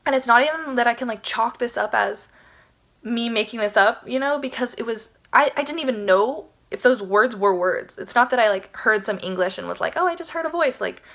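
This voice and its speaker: A woman's voice: a little high, normal speed. Chatty young woman telling a story. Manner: animated, laughing, many "like"s, dropping to hushed whispers. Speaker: spiritual vlogger. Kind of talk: casual storytelling to camera.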